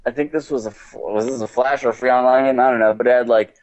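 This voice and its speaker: A man's voice: mid-range voice, little pitch movement, fast talker, a little mellow, muffled recording. A man chatting casually about video games on a podcast, rambling with lots of fillers and restarts.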